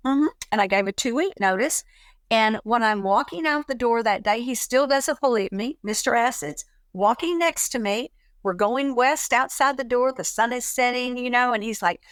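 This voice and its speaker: A middle-aged woman talking in a relaxed chat, telling a personal story and acting out the voices of people in it. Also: a little high, moderate pace, clean tone, no echo. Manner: animated, acts out quoted dialogue. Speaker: guest.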